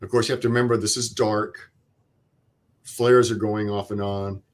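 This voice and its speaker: An older man, a veteran guest in an interview, retelling a night in combat in plain, vivid words with quoted dialogue and pauses. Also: lowish voice, little pitch movement. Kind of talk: interview storytelling.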